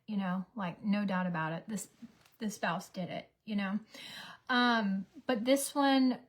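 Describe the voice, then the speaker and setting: A middle-aged woman telling a rambling, chatty story to her viewers in a casual vlog. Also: medium pitch. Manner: chatty, rambling, quick to laugh. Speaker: vlogger.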